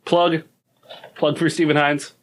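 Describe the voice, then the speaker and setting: A man's voice: fairly high pitch, flat delivery, a little slow, a bit bright. A man co-hosting a podcast in casual chat, giggling often and hedging with fillers. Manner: giggly, hesitant, lots of fillers and restarts. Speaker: podcast co-host.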